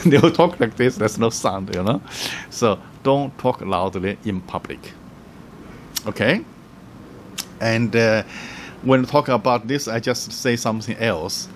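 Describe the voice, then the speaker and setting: A man giving travel tips in a casual, halting way, with many fillers, restarts and frequent chuckles. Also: mid-range voice, a little hiss or hum. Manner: chuckles often, acts out little quoted voices. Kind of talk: casual explaining to camera.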